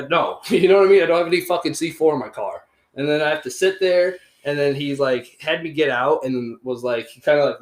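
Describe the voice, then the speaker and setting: Young man, rambling podcast story, fillers and swearing, echoey room. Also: mid-range voice. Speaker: podcast host. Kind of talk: casual chat.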